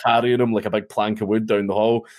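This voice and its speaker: A man's voice: lowish voice, flat delivery, quick pace. A Scottish man telling a story as a guest on a podcast, rambling, swearing freely and laughing often. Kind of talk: casual storytelling chat.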